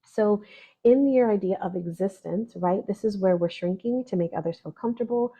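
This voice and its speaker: A woman's voice: medium pitch, moderate pace, warm tone, husky. A woman astrologer giving a casual spoken forecast, chatty and full of "right?" and "like". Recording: dull lo-fi audio.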